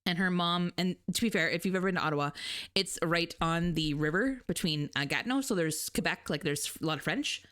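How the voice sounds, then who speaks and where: A woman streamer in a chatty, animated casual talk, laughing often. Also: on the low side, a little fast. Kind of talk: casual chat.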